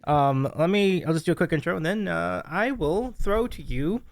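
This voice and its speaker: A man's voice: fairly high pitch, animated, normal speed, gravelly, no echo. A man hosting a casual live stream who laughs often and thanks viewers by name. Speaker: stream host.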